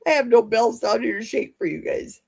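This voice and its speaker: Hosting a casual home livestream, a woman reads viewer comments aloud in a chatty, exclamatory way. Her fairly high voice is expressive and brisk, gravelly and slightly rough, yet a little mellow.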